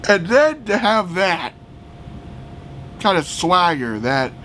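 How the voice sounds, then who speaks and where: A man's voice: sits high, big pitch swings, slow pace, slight background noise. Heated, profane man ranting. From United States. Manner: heated, profane, frequently shouting. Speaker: political vlogger. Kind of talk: ranting political commentary.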